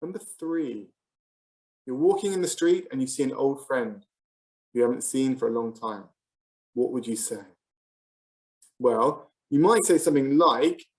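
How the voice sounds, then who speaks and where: Slow, lively teacher voice. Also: mid-range voice. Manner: slow, clear and deliberate, modelling example phrases for learners. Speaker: English language teacher presenting a video lesson. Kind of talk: scripted instructional lesson.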